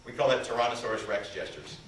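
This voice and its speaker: Man, communication trainer, seminar talk, interactive, booming echoey hall, distant mic, faint background noise. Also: expressive, quick pace. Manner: interactive, questions the audience, demonstrates points. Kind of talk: seminar presentation. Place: large conference hall.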